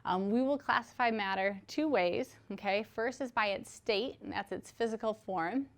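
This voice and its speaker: A woman's voice: medium pitch, normal speed. A woman teaching a recorded chemistry lecture, explaining patiently with everyday examples and checking in with "okay?" as she goes. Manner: conversational, frequent "okay?" check-ins.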